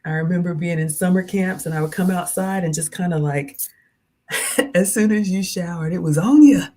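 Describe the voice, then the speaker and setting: A middle-aged woman with a Southern American accent, chatting casually on a livestream, her voice low and mellow. She is playful and chatty, reading out viewer comments and riffing on them as she goes. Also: steady tone, normal speed. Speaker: cooking and lifestyle livestreamer.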